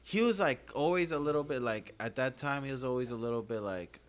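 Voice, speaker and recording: A man's voice: mid-range voice, lively intonation, fairly quick. A man, a comedian, telling stories in a casual podcast chat, slangy and laughing as he goes. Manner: laid-back, slangy, peppers speech with "bro" and "dog".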